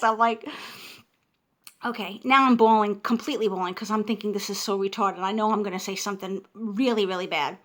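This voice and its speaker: A woman, telling a story casually to her viewers in an animated, emotional way, often restarting her sentences. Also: mid-range voice, fairly quick. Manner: animated, emotional, frequent restarts and self-interruptions. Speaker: vlogger.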